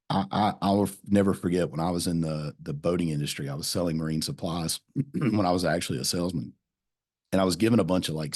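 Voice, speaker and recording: A man's voice: sits low, darkish tone, slightly rough. A man hosting a casual podcast chat, telling folksy sales stories with repeated phrases and a friendly "man" here and there. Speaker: podcast host.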